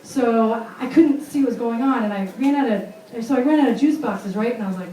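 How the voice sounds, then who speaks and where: A woman's voice: on the high side, a little fast, few pauses, warm tone, echoey room, recorded from a distance, slight background noise, low-quality recording. A woman from Vermont in her thirties doing a brash, self-mocking stand-up set in a comedy club. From Vermont, USA.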